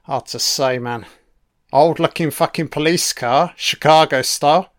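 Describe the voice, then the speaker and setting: Slow-talking, heavily swearing man. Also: on the high side. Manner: heavy swearing, chatty reactions. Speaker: film commentator. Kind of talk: casual film commentary.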